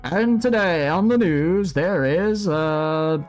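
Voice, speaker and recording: A man putting on a chipper, high TV news reporter. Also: slow pace, faint music behind. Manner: upbeat announcer delivery. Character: cheery male TV news reporter.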